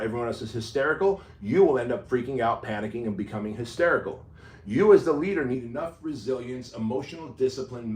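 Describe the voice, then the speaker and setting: A man's voice: medium pitch, far from the mic. A man giving an emphatic, punchy motivational talk, driving his points home with repeated lists. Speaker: motivational speaker. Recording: roomy echo, faint noise.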